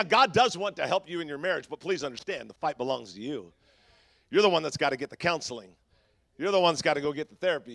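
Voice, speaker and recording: Pastor guy preaching, high bright voice, goes from shouting to quiet, kinda gravelly. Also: no echo, studio quality. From Southern California. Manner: swings from shouting to hushed, conversational with fillers. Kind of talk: sermon.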